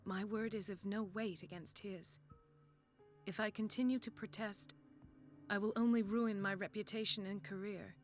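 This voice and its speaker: A principled female physician , acted by a woman, who speaks in a firm, earnest way. Her voice sits in a middle pitch for a woman, with faint game music underneath. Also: steady tone, moderate pace, lightly acted. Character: principled, indignant female doctor. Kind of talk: video game voice acting.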